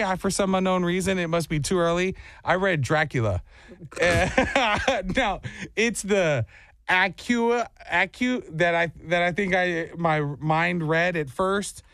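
A man hosting a morning radio show, chatting casually and telling stories with quick laughs. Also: high voice, fairly bright tone, no room sound, clean studio sound. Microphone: studio microphone.

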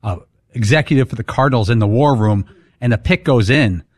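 A man's voice: mid-range voice, fairly quick. A man co-hosting a casual sports talk show, playful, with hesitant stammered starts. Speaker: co-host.

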